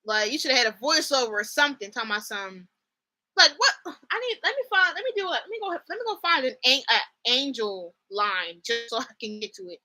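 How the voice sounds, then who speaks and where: A young woman hosting a casual commentary vlog, animated and slangy, laughing often and slipping into mock accents. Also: high-pitched, brisk. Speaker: host.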